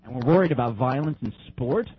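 A man's voice: mid-range voice, lively intonation, a little fast, breathy edge, no echo. A man reading a news article aloud on a live stream, then breaking off to comment loosely with restarts. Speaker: online show host. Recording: dull lo-fi stream audio.

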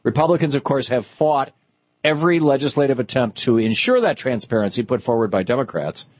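A man hosting a political talk radio show, speaking in an animated, sarcastic way that climbs into outrage. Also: mid-range voice, fairly quick, no room sound, dull audio. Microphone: studio microphone.

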